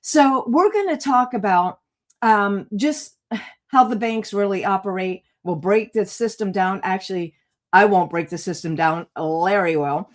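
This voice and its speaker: A woman's voice: medium pitch, measured pace. A woman hosting an interview in a chatty, upbeat way, with lots of "um" fillers. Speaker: host. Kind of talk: casual interview chat.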